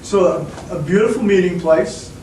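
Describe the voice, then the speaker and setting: A man's voice: high voice, moderate pace, dark tone, slight background noise. A man hosting a local show, chatting casually and prompting his guest with short affirmations and questions. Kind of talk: casual interview chat. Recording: echoey room, mic at a distance.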